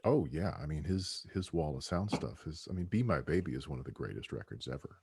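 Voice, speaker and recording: Man, book co-author, deep husky voice, dry close sound, rambling podcast chat. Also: expressive, brisk, darkish tone, no echo. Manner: rambling, with many restarts and "you know". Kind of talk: casual podcast conversation.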